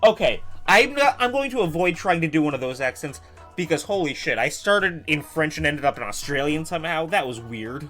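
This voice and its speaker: A woman's voice: sits low, brisk, soft background music. A woman with a Southern US accent streaming a video game, joking and swearing in casual commentary. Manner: lively, swears often, jokey.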